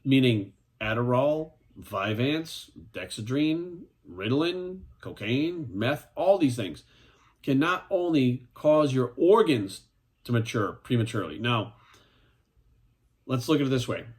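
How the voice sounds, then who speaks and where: A man's voice: medium pitch, animated, unhurried. A man in his forties, a fitness coach, ranting bluntly in a vlog, swearing often and asking "right?" after his points. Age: 40s. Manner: profane, emphatic, repeats "right?".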